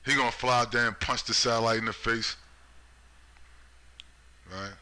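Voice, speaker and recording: Casting note: ranting political commentator, a man with a very bright, sharp voice, sarcastic and profane. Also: mid-range voice, unhurried, long pauses. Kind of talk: ranting monologue.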